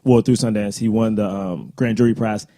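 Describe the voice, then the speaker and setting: A man's voice: lowish voice, steady tone, normal speed, mellow. A man co-hosting a podcast, joking around and talking earnestly in casual banter. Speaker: podcast co-host.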